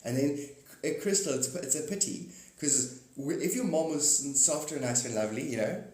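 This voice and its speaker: Guy rambling on a live stream, mid pitched, playful wordplay, lots of chuckles, echoey room. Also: normal speed, darkish tone. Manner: speaks straight to viewers by name. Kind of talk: rambling spiritual live chat. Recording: roomy echo.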